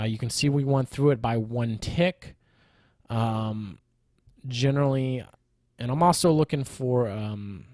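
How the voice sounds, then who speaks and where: A man with a lowish voice walks through his futures trades as he reviews the day's chart. He talks loosely and thinks aloud, with frequent fillers and restarts. The recording is dry, with no room sound. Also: a little mellow, no echo. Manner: rambling, many ums and restarts, explanatory. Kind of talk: casual screen-share trade review.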